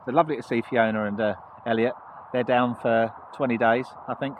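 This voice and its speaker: A man's voice: mid-range voice, steady tone, a little fast, phone-quality sound, a little hiss or hum. A man chatting casually and jokily to camera, recorded outdoors by a canal. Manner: jokey, playful banter. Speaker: vlogger, narrowboat dweller. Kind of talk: casual chat.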